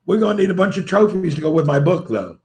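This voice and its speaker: Hosting a livestream, a man rambles and jokes, teasing viewers and laughing a lot. His voice is high-pitched and animated with a darkish tone, and he talks fast.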